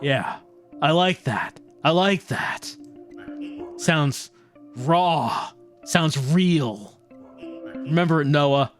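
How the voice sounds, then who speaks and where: A streamer voicing a small, energetic, pompous male film director who barks insults and orders, over faint game music. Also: medium pitch, drawn-out words, long pauses. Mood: brash. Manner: brash, insulting, bossy.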